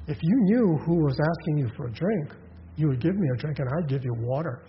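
A man preaching a sermon, animated and full of quick voiced asides and restarts. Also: fairly high pitch. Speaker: pastor. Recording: dull lo-fi sound with long hall reverb and faint noise.

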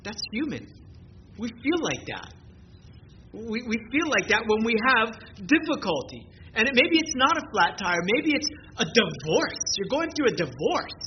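A man's voice: high-pitched, very animated, measured pace. A man preaching a sermon as pastor, impassioned and emphatic, repeating phrases for weight. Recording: muffled recording with clear background noise.

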